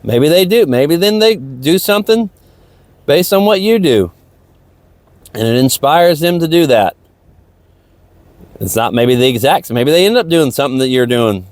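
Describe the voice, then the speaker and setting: A man's voice: on the high side, animated, moderate pace, pauses often, a little mellow, no echo. A man hosting a podcast, rambling through a casual, motivational monologue outdoors near a lake, often repeating himself. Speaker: podcast host. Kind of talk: casual stream-of-consciousness monologue.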